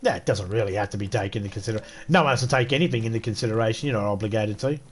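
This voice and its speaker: A man's voice: on the low side, rapid-fire, slight background noise. Blunt Australian man ranting on stream. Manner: blunt, swearing, exasperated ranting. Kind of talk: casual rant while streaming.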